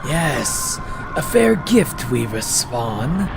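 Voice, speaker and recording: A man voicing an old male bug scholar obsessed with knowledge, declaiming slowly with a strained, raised voice. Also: medium pitch, big pitch swings, gravelly, music in the background, heavily acted. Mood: commanding. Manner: slow, drawn-out and declaiming.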